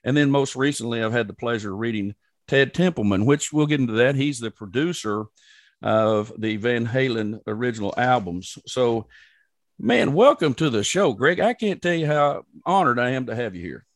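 A man's voice: medium pitch, animated, moderate pace, no echo, studio quality. Folksy Southern-accented male host. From Oklahoma. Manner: folksy storyteller, laughs often. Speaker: podcast host. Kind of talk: casual interview chat.

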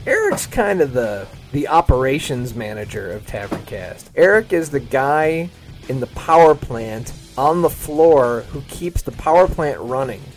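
A man's voice: medium pitch, sing-song, a little slow, faint music behind. A man emphatically explaining a castmate's role on a podcast. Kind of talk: casual interview remarks.

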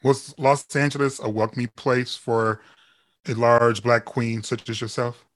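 A man's voice: mid-range voice, fairly even intonation, measured pace, dry recording. A man hosting an interview, asking questions in a playful, laughing conversational way. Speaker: podcast host.

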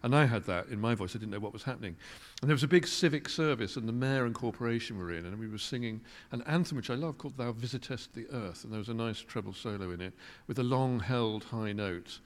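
A man's voice: mid-range voice, quick pace, few pauses. A man, a guest musician telling stories in a wry, articulate, self-deprecating way. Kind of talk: reflective storytelling interview. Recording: long reverb of a large hall.

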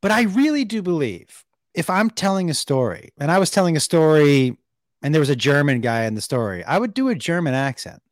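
A man's voice: a little high, very animated, a little fast, dry recording, clean studio sound. A man hosting a casual talk who asks earnest questions and thinks aloud. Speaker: podcast host. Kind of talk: casual chat.

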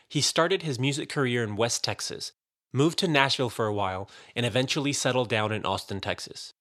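A man hosts an interview show with a bright, forward tone and a middle pitch. He reads a prepared introduction and then asks his questions in a measured, slightly halting manner. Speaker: podcast host.

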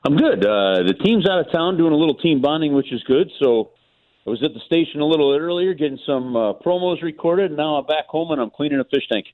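A man's voice: fairly high pitch, expressive, brisk. A man, a guest sports broadcaster, chatting casually on the radio by phone and telling a rambling story with lots of restarts. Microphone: phone call. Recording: tinny phone line.

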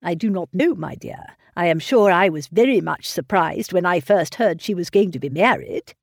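A woman puts on a fretful, fussy old gentleman in a storybook reading, his worried, plaintive voice swinging up and down in lively turns. His lines are often drawn out slowly, and the sound is dry and close. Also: lowish voice, vocal fry, dry recording. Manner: plaintive, sighing, fussing over family. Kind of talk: audiobook reading of a classic novel.

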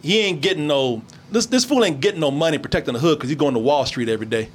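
A man's voice: on the high side, expressive, fast, a little hiss or hum. A man chatting casually about a movie, laughing and swearing as he acts out scenes. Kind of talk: casual movie review chat.

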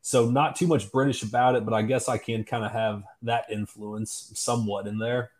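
A man's voice: mid-range voice, fairly even intonation, moderate pace. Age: adult. Sex: man. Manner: laid-back, folksy, hesitant. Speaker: podcast co-host. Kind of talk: casual sports podcast chat.

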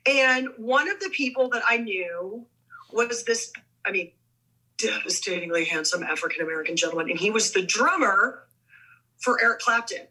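On an interview podcast, a middle-aged guest actress with a mid-range, slightly rough voice speaks at a moderate pace in a low-quality recording. Her casual storytelling is animated, with quoted dialogue acted out.

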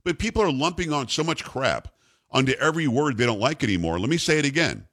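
An older man runs a talk radio show, and his pitch swings widely as he rants. He is blunt and combative, and he jokes as he goes. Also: animated, quick pace, a bit bright. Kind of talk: opinionated talk radio rant.

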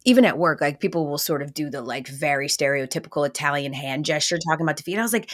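A woman co-hosting a sports podcast, talking through the week's football in a loose, animated way. Her delivery is conversational and full of small fillers. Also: sits low, fast, hardly any pauses. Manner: lively, animated, chatty with fillers. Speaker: podcast host. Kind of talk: casual sports chat.

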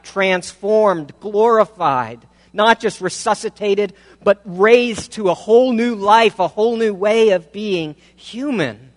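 Male preacher, fairly high voice, emphatic, stacks repeated phrases; long reverb. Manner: emphatic, builds through rhetorical questions and repeated phrases. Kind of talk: sermon.

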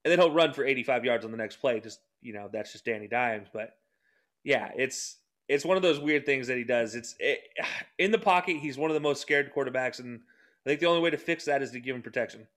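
Animated man chatting football. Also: medium pitch, a little fast. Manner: animated, laughing, sarcastic asides. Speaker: podcast co-host. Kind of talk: casual sports chat.

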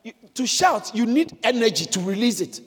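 A man preaching a sermon in a church, explaining and exclaiming with animated emphasis. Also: very high voice, normal speed, slightly rough, big-room sound. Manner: animated preaching, bursts into shouts when quoting. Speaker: pastor.

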